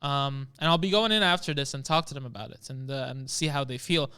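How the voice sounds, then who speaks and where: A man casting a live esports match, excitable and breaking into loud shouts during big plays. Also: medium pitch, brisk, clear, resonant tone. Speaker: esports caster.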